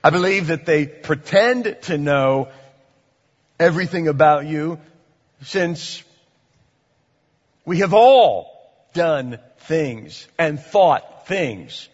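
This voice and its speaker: A man preaching a sermon in a church, swinging between loud, dramatic lines and hushed, drawn-out ones. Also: on the high side, animated, in a large hall, dull audio. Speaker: pastor. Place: church hall.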